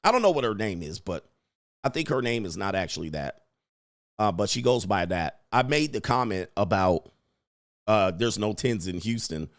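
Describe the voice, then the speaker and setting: A man's voice: lowish voice, lively intonation, moderate pace, dry recording, clean studio sound. A man hosting a live stream as a dating coach, rambling crudely, reading viewer questions and putting on mock voices.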